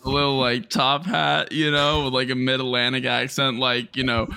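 A man with an ordinary pitch and a bright voice rambles through a casual podcast chat, full of ums and likes. The recording is dry and close. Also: level tone, normal speed, creaky, clean tone, dry recording. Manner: rambling, lots of fillers and hedges. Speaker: podcast co-host.

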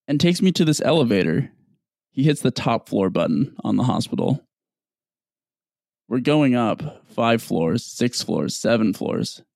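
Young man, casual storyteller, animated, dry close sound. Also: mid-range voice, creaky, no echo. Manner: animated, swearing, acts out others in dialogue.

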